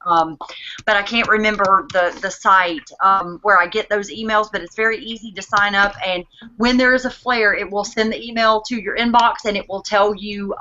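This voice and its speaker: Bright-voiced woman chatting on a video call. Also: mid-range voice, dull audio, slight background noise. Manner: chatty, many "um" fillers and restarts. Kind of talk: casual online hangout talk.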